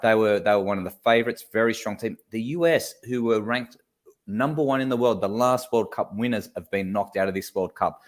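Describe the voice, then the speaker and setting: Chatty Australian man, low voice. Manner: chatty, swears casually, animated. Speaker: co-host. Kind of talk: casual live-stream chat.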